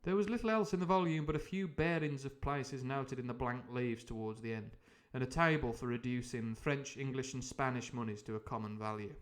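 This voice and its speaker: A man's voice: medium pitch, fairly quick, few pauses. A man reading a novel aloud on a live stream, who often breaks off into rambling, jokey tangents full of ums and uhs. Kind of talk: live book reading with comic asides.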